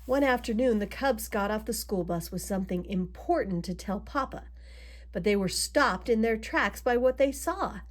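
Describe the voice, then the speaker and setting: A woman reading a children's picture book aloud, adding gentle asides to her young listeners. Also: mid-range voice, animated, moderate pace. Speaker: storybook reader.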